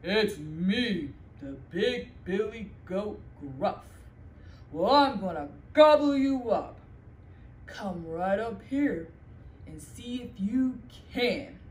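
A woman voicing a big, bold billy goat, loud and lowered in pitch, in a roomy echo. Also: animated, slow pace. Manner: low, loud, challenging.

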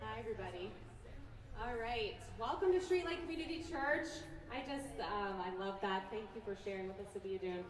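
A woman's voice: mid-range voice, fairly quick, crowd noise. A woman giving live announcements in a church service, upbeat and chatty, laughing often. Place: church sanctuary. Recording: echoey sanctuary with music behind.

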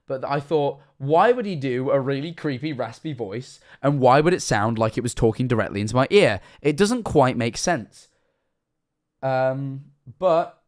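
A man in his twenties talks in a mid-pitched voice, audibly tipsy. He rambles through his stories, swinging from loud, high outbursts to hushed, near-whispered asides. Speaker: streamer. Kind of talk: casual live-stream chat.

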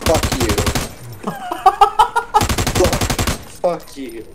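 A man's voice: mid-range voice, expressive, extremely slow, pauses often. A man on voice chat during an online shooter, mocking and cracking mom jokes. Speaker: teammate on voice chat. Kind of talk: casual gaming voice chat. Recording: noisy with gunfire in the game.

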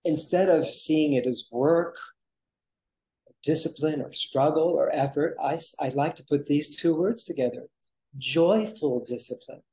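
A man's voice: on the high side, steady tone, measured pace, mellow, husky, low-quality recording. A man in a spiritual conversation, reflective and earnest, sharing sayings. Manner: reflective and earnest, gives aphorisms.

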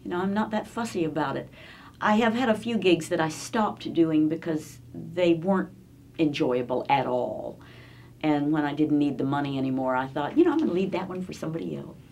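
A woman's voice: sits low, moderate pace, a little hiss or hum. A woman who works as a voice-over artist, talking in a casual interview and slipping into playful voices. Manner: lively, shifting into playful voices.

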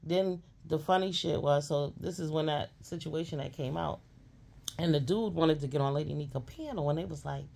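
Woman commentator, gravelly fry, blunt and scolding, profane rant. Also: low voice, normal speed, darkish tone. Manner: blunt, scolding, sassy, heavy cursing. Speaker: commentary streamer.

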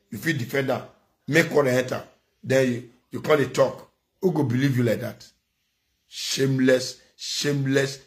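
A man's voice: medium pitch, a bit bright. Scolding man with a Nigerian accent. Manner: scolding, preachy, repeats phrases for emphasis. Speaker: commentator. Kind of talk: ranting vlog commentary.

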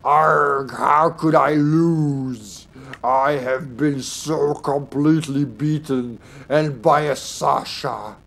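A man voicing Bowser as a defeated monster king, lamenting in a slow, mock-dramatic way. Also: fairly high pitch, steady tone, creaky, a bit bright, slight background noise, full character voice. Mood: dismayed.

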